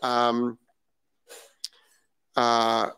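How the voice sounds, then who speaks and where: A man's voice: medium pitch, monotone, extremely slow, pushed and bright, clear, resonant tone, dry recording. A man from Rhode Island, a dog trainer hosting a live stream and reading out viewer comments, talking emphatically, repeating key phrases and asking rhetorical questions.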